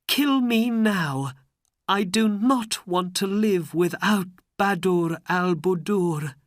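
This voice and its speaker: Woman doing a young man hero, earnest, pleading, high raised voice, slow, dry sound. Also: big pitch swings, fairly bright tone, dry recording, full character voice.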